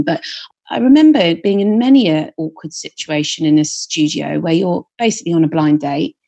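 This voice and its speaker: A woman's voice: fairly low pitch, vocal fry, mellow, slightly rough. A woman in her thirties, a singer-songwriter guest talking candidly, chatty and self-deprecating, swearing freely. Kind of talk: candid podcast conversation.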